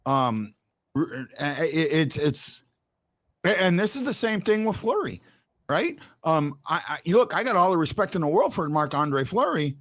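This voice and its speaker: A man's slightly high, sing-song voice, fairly bright in tone, comes at normal speed. Hosting a relaxed postgame sports talk show, he often stammers and restarts, growing emphatic as he argues.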